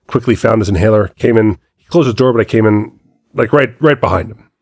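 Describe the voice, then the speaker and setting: A man in his forties chats on a podcast. His voice sits low with a husky edge. It is recorded dry and close. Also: a little fast, no room sound. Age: 40s. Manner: chatty storyteller, laughs often. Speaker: podcast co-host. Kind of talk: casual chat.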